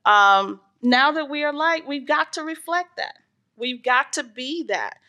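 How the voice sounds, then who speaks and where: A woman's voice: high-pitched, animated, measured pace, pushed and bright. A woman teaching an informal church Bible lesson, reading scripture and explaining it earnestly, with frequent "um" fillers. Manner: reads scripture aloud, then explains it.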